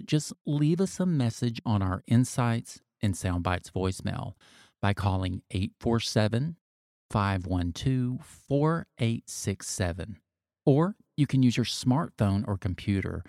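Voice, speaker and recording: A male podcast host reads his outro in a friendly, steady way. His voice is low and mellow, and the recording is close and dry. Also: creaky, no room sound. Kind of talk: scripted outro.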